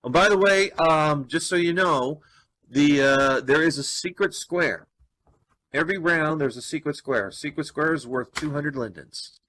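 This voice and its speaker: A man's voice: on the high side, a little slow, bright, forceful tone, no room sound. A man hosting a game show, upbeat and chatty.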